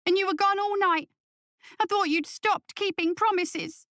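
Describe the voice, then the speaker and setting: A woman's voice: very high voice, steady tone, unhurried, pushed and bright, dry recording, studio quality, pitched above the performer's own voice, exaggerated voice. A woman voicing a young boy who sounds hurt and eager, talking in a pleading, childlike way.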